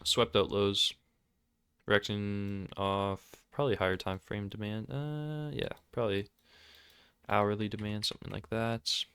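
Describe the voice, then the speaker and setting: A man giving casual commentary over his trading screen, excitable and quick to mock himself. His voice is smooth and somewhat low, recorded on a close mic with a dry, deadened sound. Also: no room sound. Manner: excitable, sarcastic and self-mocking. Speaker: trading video host.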